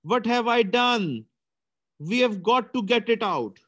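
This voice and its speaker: A man's voice: very high-pitched, animated, slow pace, a bit bright, lo-fi sound, pitched above the performer's own voice, full character voice. A man reading a story aloud gives voice to a panicked young man who sobs and pleads over what he has done. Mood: distraught. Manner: wailing, tearful pleading.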